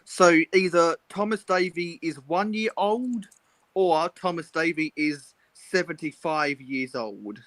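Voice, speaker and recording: A man's voice: fairly high pitch, takes it slowly, fairly bright tone, dry recording, poor audio. A man chatting casually on a livestream in a matter-of-fact way. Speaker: fellow streamer.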